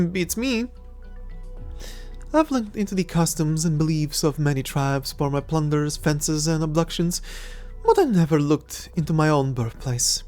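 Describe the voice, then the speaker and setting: A woman's voice: deep voice, a little slow, mellow, faint music behind. A woman voicing a cocky young adventurer-thief who talks in a playful, mocking way, in a fan audio drama. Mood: teasing. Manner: playful, mocking, laughs often.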